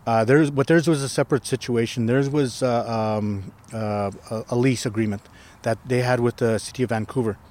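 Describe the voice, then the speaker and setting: A man's voice: mid-range voice, steady tone, normal speed, darkish tone. A man who is a First Nation chief, telling a story in a casual interview outdoors, rambling with many restarts and tag questions. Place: outdoors on a hill.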